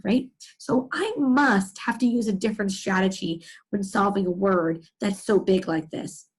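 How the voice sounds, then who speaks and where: A woman teacher giving a reading lesson to young children, sounding out words slowly in chunks and asking the listener questions. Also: on the high side, breathy edge, poor audio. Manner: slow, sing-song, exaggerated sounding out of words; asks the listener questions and answers them.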